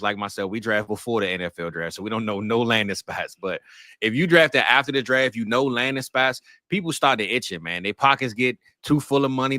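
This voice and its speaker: Man, casual podcast chat, laid-back, slangy, bright forceful voice. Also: medium pitch, no room sound. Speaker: podcast co-host.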